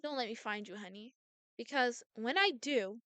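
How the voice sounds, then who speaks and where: A woman voicing a possessive, smooth-talking male criminal ex-partner in a visual novel, speaking in a soft, cooing, menacing way. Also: high-pitched, lively intonation, slow pace, no room sound, pitched above the performer's own voice, exaggerated voice.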